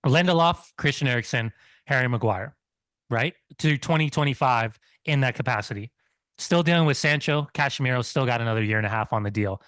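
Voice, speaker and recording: A man's voice: mid-range voice, brisk, fairly bright tone, dry recording. Man talking through a burning mouth. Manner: earnest and analytical, pained by hot sauce. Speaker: podcast co-host. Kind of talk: casual football chat.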